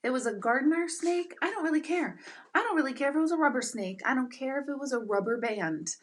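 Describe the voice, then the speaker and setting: Woman, middle-aged, livestream host, casual chat, excitable, animated storyteller, fairly high voice. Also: fast. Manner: animated, excitable storytelling with bursts of loud exclamation.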